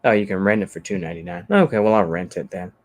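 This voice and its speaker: A man with a drawl talks in a somewhat low voice, casually chatting on a livestream. He rambles in an easygoing way, thinking aloud with plenty of ums and restarts. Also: big pitch swings, fast, vocal fry. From Texas. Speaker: channel host. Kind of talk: casual livestream chat reading comments.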